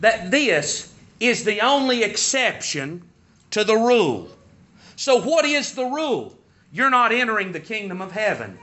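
A man's voice: sits high, very animated, a little slow, pushed and bright, highs cut off. A man preaching a sermon, stressing points by repeating words.

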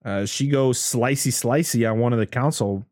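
A man's voice: medium pitch, normal speed, a little mellow, no room sound, studio quality. A man co-hosting a casual podcast, recapping a movie scene by scene, swearing freely and laughing often. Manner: profane, laughing, quotes characters. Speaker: podcast co-host.

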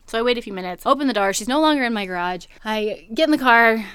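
A woman hosting a podcast, telling a personal story in a casual, animated way and laughing often. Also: fairly high pitch, quick pace, smooth, no room sound.

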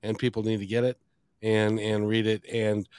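A man's voice: lowish voice, completely flat delivery, moderate pace, a little mellow, clear, resonant tone, no room sound. Man, podcast host, friendly, plugging a book, dry close sound. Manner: friendly, repeats plugs for the guest's book. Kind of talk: podcast interview.

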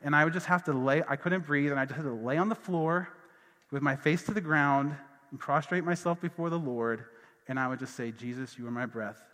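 A man's voice: fairly high pitch, brisk, a bit bright. A man preaching a sermon as pastor, telling personal stories in a loose, conversational way full of fillers and asides. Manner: casual storytelling with fillers and asides. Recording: long hall reverb.

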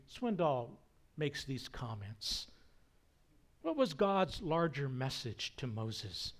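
A man preaching a sermon, emphatic, swinging between raised acted-out quotes and hushed near whispers. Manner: slow, emphatic delivery with wide swings in pitch and loudness. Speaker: pastor.

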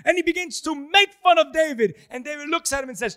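High-voiced man preaching a dynamic sermon. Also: expressive, fairly quick, hardly any pauses. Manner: dynamic preaching, swinging from loud to hushed. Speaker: pastor.

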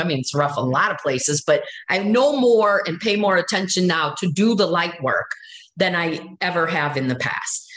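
Storytelling woman with a slightly hoarse voice. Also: fairly low pitch, reverberant, poor audio. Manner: storytelling, animated, laughs often. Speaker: guest speaker. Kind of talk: casual spiritual talk.

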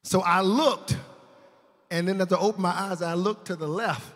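A man preaching a sermon as pastor, telling a personal story in casual slang and building from quiet asides to loud, shouted praise. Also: sits high, moderate pace, big-room sound. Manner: casual slang, addresses congregation as fam.

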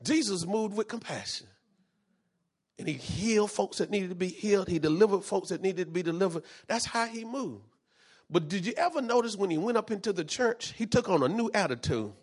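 A man's voice: high-pitched, animated, brisk, slightly rough. A man preaching a sermon as pastor, fervent and repetitive, dropping in frequent amens.

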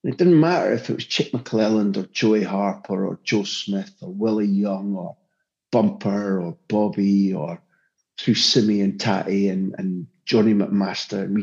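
A low-pitched man with a darkish tone appears as a guest on a podcast, speaking as a football journalist. Emphatic and passionate, he keeps restarting his sentences. Dull lo-fi sound throughout.

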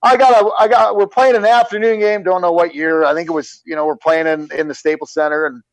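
A middle-aged man, a former hockey player, telling rambling, animated stories in casual chat. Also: fairly high pitch, fast talker, no room sound, poor audio. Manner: rambling, animated when acting out anecdotes.

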